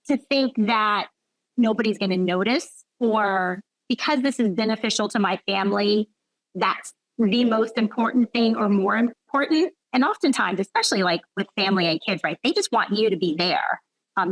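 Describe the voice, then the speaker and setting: Her voice sits a little high, and the low-quality recording has no echo. She's a physician being interviewed conversationally, reflecting as she goes and leaning often on "right?" and "like."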